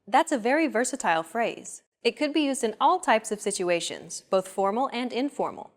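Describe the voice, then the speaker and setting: A woman hosting a language lesson, explaining with clear, friendly, scripted narration. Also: on the high side, animated, moderate pace.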